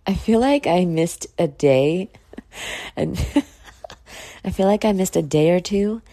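A woman hosting her own podcast, just woken up and yawning, talking in a slow, reflective drawl with casual swearing. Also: on the low side, mellow. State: sleepy, yawning. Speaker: podcast host. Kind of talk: casual solo podcast talk.

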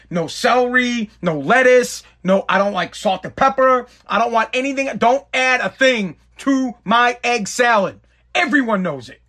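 A man with a high-pitched voice hosts a casual podcast. He rants in an exasperated, emphatic way and keeps hammering the same complaint over and over. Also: fairly bright tone. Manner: exasperated, emphatic, repetitive ranting. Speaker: podcast host.

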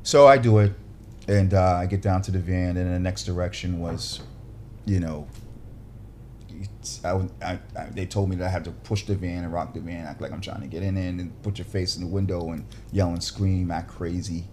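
A man, an actor, telling an animated story from a film set, acting out the people in it, with many restarts and fillers. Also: sits low, normal speed, a little hiss or hum. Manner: acts out quoted voices, frequent restarts and fillers.

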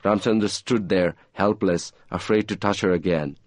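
A man reading aloud from his own novel in a measured, even storytelling manner. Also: low-pitched, no room sound, studio quality.

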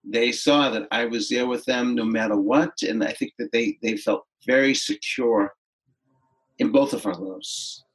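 A middle-aged man, a podcast guest, telling a personal story in a gentle, unhurried, reflective way with pauses and restarts. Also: medium pitch, steady tone, low-quality recording.

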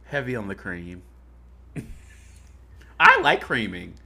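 A man's voice: on the low side, huge pitch swings, slow, creaky, bright, forceful tone. A man co-hosting a podcast in a casual chat, teasing and reacting playfully. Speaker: podcast co-host.

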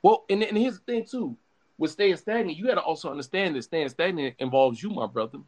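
Animated, profane young man on a podcast. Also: a little high, fairly quick. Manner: animated, profane, emphatic with many restarts. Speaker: podcast host. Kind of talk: casual chat.

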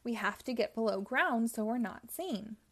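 A woman's voice: a little high, animated, moderate pace, a bit bright. A woman voicing bumbling, whiny male ghosts in a children's story. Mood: whiny scheming.

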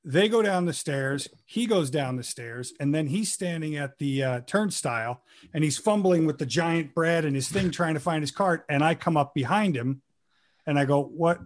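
A man with a slightly raised voice tells a lively story from a film set. He swears freely and acts out the lines as he goes. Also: a little high, moderate pace. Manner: animated, profane storytelling. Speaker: guest actor recalling a role. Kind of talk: casual podcast chat.

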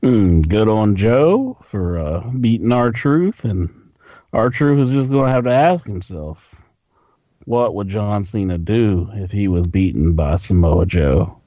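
Southern guy talking real slow, dry jokes, dull dry mic sound. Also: on the low side, expressive, mellow, dry recording. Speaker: podcast co-host. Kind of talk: casual wrestling chat. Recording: dry, slightly dull lo-fi audio.

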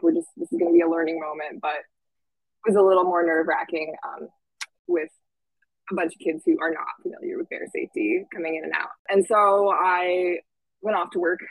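A young woman tells a camp story in an easygoing, chatty way, leaning on fillers and acting out what people said. Her voice has a slight gravelly fry. The sound is dry and close, with no room echo. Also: fairly low pitch. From Washington State. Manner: chatty, lots of "like" fillers, lively quoting. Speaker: camp staff guest. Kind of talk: casual storytelling.

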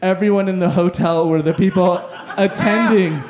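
A man, a stand-up comedian, telling a profane, animated story live on stage and shouting his quoted lines. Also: sits high, normal speed, crowd noise.

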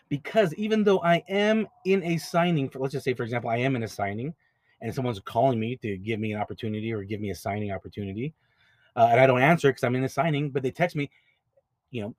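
Man, podcast host, casual, direct, mid pitch, dry close sound. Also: expressive, fast talker, a little mellow, no echo. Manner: conversational, repeats words, direct advice. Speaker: podcast host, notary signing agent business owner.

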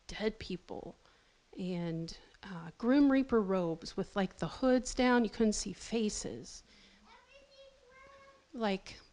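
A woman giving a personal testimony at a seminar, telling her story haltingly with restarts and nervous laughs. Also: medium pitch, creaky, darkish tone. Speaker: seminar speaker.

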